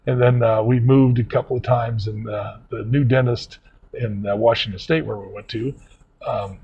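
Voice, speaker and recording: An older man telling a long, meandering personal story in casual vlog talk, halting often with fillers. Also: mid-range voice, fairly even intonation, slightly rough, highs cut off. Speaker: vlog host.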